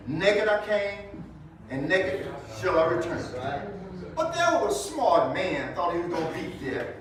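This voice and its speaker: Man, high-pitched, folksy storytelling preacher at a funeral; distant mic, booming room echo. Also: sing-song, unhurried, crowd noise. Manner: storytelling, preacherly, repetitive restarts. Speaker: funeral speaker. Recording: very echoey hall, distant mic.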